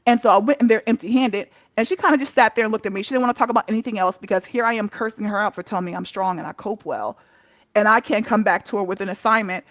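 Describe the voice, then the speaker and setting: A woman telling a personal story in a candid casual chat over a video call, animated and laughing often, cursing freely. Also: medium pitch, fast, no room sound. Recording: dull muffled lo-fi mic.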